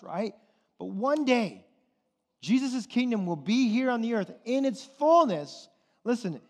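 A man's voice: high voice, darkish tone. A man preaching a sermon as pastor, asking the congregation question after question and checking in with "okay?" and "right?". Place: church hall. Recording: long hall reverb.

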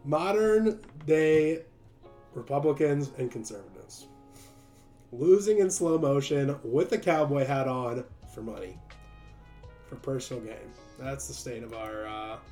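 A man's voice: mid-range voice, unhurried, warm tone, soft background music. A man delivering a sarcastic opinion monologue, mocking his targets and laughing often. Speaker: commentator.

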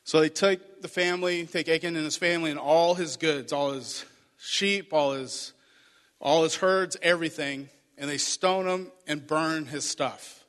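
A man's voice: a little high, measured pace, a bit bright. A man preaching a sermon, retelling a Bible story and acting out the voices of its figures. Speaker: pastor. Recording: reverberant hall.

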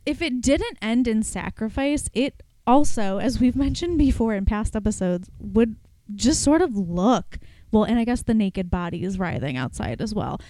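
Woman co-host, mid-pitched, smooth and clear, close and dry, talky plot recapper. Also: animated, moderate pace, mellow, no room sound. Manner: chatty, retells plots in detail. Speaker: podcast co-host. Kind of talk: casual chat.

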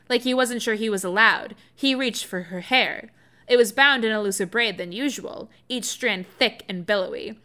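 A woman reads romantic fiction aloud, her tone bright and ringing, her pitch sitting in the middle range. She tells the story softly and with feeling. She keeps stopping to laugh and toss in excited remarks. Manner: soft, expressive storytelling with frequent laughs and excited asides. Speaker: reader.

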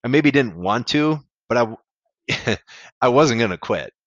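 A podcast guest who runs ultramarathons as an amateur tells a candid, rambling story about a tough race, swearing casually as he's interviewed. His voice is mid-range and animated, at a measured pace, recorded with no echo but with the highs cut off.

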